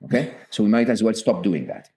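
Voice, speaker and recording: A man's voice: on the low side, fairly quick, dark tone. A middle-aged man, a guest author on a podcast, talking earnestly and often checking in with "okay?". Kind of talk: podcast interview.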